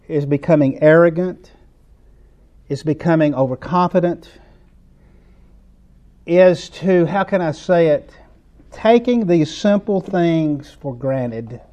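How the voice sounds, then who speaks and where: A man's voice: a little high, animated, slow pace, long pauses, warm tone. A man with a Southern US accent preaching a sermon in an earnest, conversational way, building to emphatic points.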